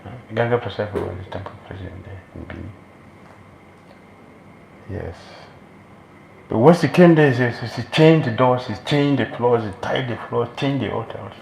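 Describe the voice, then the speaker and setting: A man's voice: medium pitch, expressive, normal speed, vocal fry, pauses often, darkish tone, slight background noise. A man giving a sermon as a spiritual teacher, emphatic and repeating key phrases for weight. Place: temple hall. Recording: roomy hall echo.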